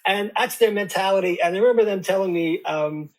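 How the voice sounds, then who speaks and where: A man hosting a casual conversation, talking in a halting way with frequent restarts. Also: sits high. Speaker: host. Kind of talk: casual chat.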